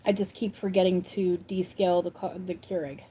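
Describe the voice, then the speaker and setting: A woman's voice: on the low side, flat delivery, fairly quick, mellow, slight background noise. A woman from upstate New York hosting a casual livestream, chatting and answering viewers' comments as she goes. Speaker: livestream host.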